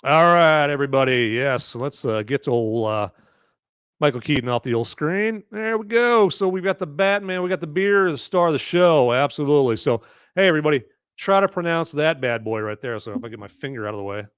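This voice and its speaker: Chatty American podcast host, rambling. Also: male voice, mid-range voice, lively intonation, brisk, a bit bright, clear, resonant tone, dry recording, studio quality. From United States. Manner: rambling, chatty, many fillers and restarts. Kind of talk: live movie review podcast, casual chat.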